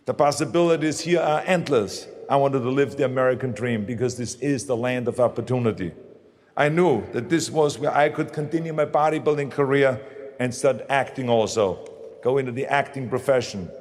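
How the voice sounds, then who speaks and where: A man's voice: mid-range voice, a little mellow. A man with a German accent giving a motivational speech in emphatic, punchy short phrases. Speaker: motivational speaker. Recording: long hall reverb.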